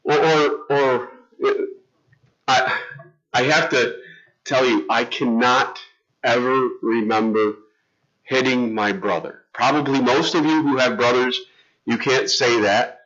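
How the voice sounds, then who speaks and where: Conversational pastor, bright lo-fi sound. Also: male voice, mid-range voice, measured pace. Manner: conversational, storytelling with self-interruptions and restarts. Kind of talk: sermon. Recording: dull lo-fi sound.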